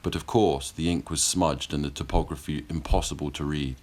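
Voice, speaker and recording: Super deep male narrator reading an audiobook, steady and measured. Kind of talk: scripted narration.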